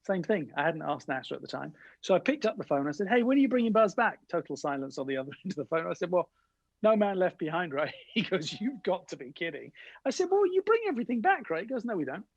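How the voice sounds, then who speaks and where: A middle-aged man telling lively anecdotes in an interview, acting out the voices of the people he quotes. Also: on the high side, quick pace, vocal fry, breathy edge, no echo, dull audio. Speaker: guest innovation speaker. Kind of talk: animated storytelling interview.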